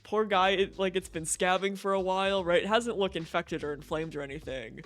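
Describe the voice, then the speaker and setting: A man's voice: high voice, steady tone, fairly quick, a bit bright. A young man streaming from home, chatting casually and swearing freely with frequent laughs. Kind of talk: casual live-stream chat.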